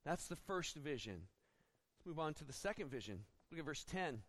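Male pastor, higher voice, expository sermon with acted asides. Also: normal speed. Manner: expository preaching with acted-out quotes; animated, rising when dramatizing.

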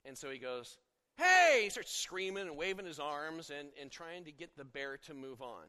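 A man's voice: a little high, moderate pace, pushed and bright. A middle-aged man preaching a sermon as a pastor, talking conversationally and telling stories, often breaking off and restarting mid-sentence. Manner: conversational, storytelling, self-interrupting. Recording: long hall reverb.

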